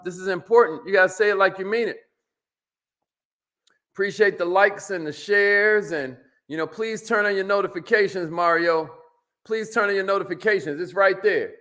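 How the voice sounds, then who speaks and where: An energetic man hosts a motivational live stream, greeting viewers by name and pushing them to like and share. His voice sits high for a man. He talks casually and leans on y'all.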